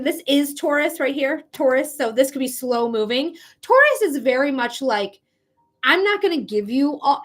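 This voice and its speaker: High-voiced chatty woman reading tarot live. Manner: chatty, casual, swears freely; laughs often, talks straight to viewers. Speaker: psychic tarot reader.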